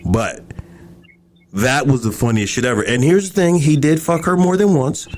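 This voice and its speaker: A man's voice: mid-range voice, moderate pace. A man who is a podcast guest, telling a story in a laid-back, casual and profane way.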